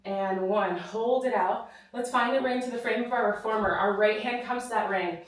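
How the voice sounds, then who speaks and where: A woman's voice: fairly high pitch, moderate pace, soft background music. A woman out of breath, leading a follow-along Pilates class with encouraging cues and counted reps. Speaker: Pilates instructor. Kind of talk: follow-along workout cueing. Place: studio with reformer machine. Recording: roomy echo, mic at a distance.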